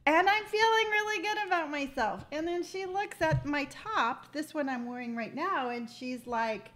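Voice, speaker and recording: A woman in her sixties hosts a relaxed live chat. Her voice sits high, and she talks in a lively, storytelling way, jumping from detail to detail. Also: moderate pace, hardly any pauses. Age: 60s. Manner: chatty, animated storyteller. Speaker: livestream host. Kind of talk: casual chat.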